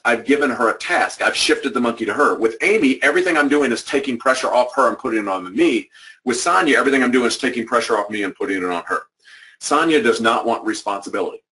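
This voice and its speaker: The workshop presenter talks fairly quickly in a sharp-toned mid-range voice with lively intonation. Recorded from a distance, his motivational talk to educators is emphatic yet conversational, and he keeps circling back to his key points.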